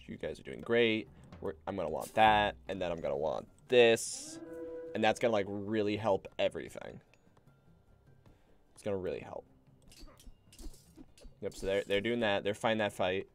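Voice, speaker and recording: A man's voice: on the low side, expressive, moderate pace, pauses often. A man streaming a strategy game, rambling casually and bossing his units around with the odd swear. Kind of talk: casual gameplay commentary.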